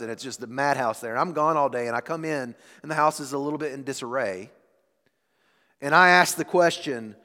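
A man in his thirties delivers a sermon from the pulpit, his slightly high voice rising and falling with lively, animated intonation. He swings from full-voiced emphasis down to near-hushed moments. His words ring out with a long reverb, as in a large hall. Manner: expressive preaching with dramatic swings in volume. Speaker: pastor.

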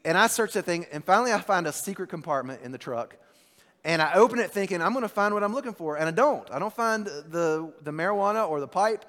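A man preaching a sermon as pastor, telling a story with animated bursts that drop to a hushed, slow delivery. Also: high-pitched, long reverb tail.

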